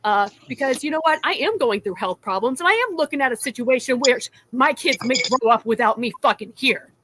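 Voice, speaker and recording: A woman's voice: a little high, brisk, fairly bright tone. A woman ranting angrily and cursing constantly in a heated online argument. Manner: profane, angry, ranting. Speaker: livestream participant.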